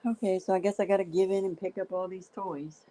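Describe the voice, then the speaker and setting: A woman's voice: mid-range voice, steady tone, fast talker, dark tone, slight background noise, poor audio. A woman co-hosting a livestream from home, chatting casually and exclaiming often. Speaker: livestream co-host. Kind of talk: casual chat. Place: indoors at home with a dog.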